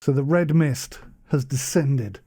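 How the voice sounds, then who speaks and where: Slow-talking British man teasing. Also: medium pitch, warm tone, breathy edge. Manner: playful, teasing trash talk. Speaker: host. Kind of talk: casual gameplay commentary.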